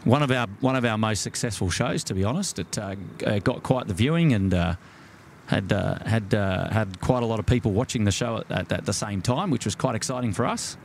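A man's voice: fairly low pitch, brisk, vocal fry, a little hiss or hum. An Australian man hosting a live stream outdoors at night by the water, chatting casually and greeting viewers by name with plenty of fillers.

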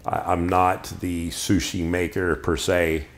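In a deep, flat voice, a middle-aged man slowly talks through his knives in a casual show-and-tell review. Despite the flat delivery he's enthusiastic and rambling, often beginning sentences again.

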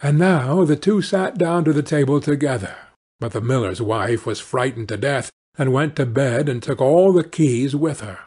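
A man narrating a fairy-tale audiobook for English learners in a slow, deliberate way. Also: medium pitch, darkish tone, slightly rough.

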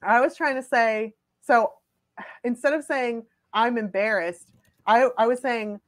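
A young adult woman telling funny personal stories in a casual, animated chat, full of "like" fillers. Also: a little high, a little slow. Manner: chatty, filler-heavy, animated.

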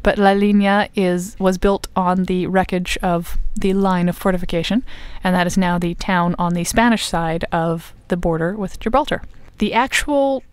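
A woman's voice: lowish voice, steady tone, moderate pace, hardly any pauses, smooth, dry recording. A woman co-hosting a casual history podcast, explaining at length with plenty of ums and uhs. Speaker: podcast co-host.

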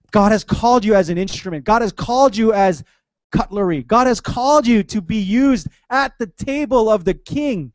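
A man preaching a sermon in church, conversational and animated, with playful asides to the congregation. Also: high-pitched, no room sound. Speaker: pastor.

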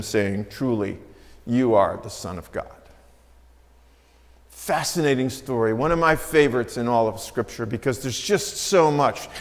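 A man preaching a sermon as pastor, telling a Bible story and acting out the quoted lines with changes in pitch and loudness. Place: church sanctuary. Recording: church sanctuary with long reverb.

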